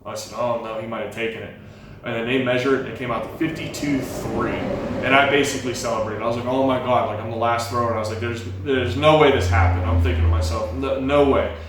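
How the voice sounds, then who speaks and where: A young man tells his own story in a candid, lively way and slips into the voices of the people he quotes. He sits well back from the microphone. The room around him is strongly echoey. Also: mid-range voice, fast talker, noisy background. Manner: lively retelling, acts out quoted dialogue. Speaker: guest telling his life story. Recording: very echoey room, mic far off.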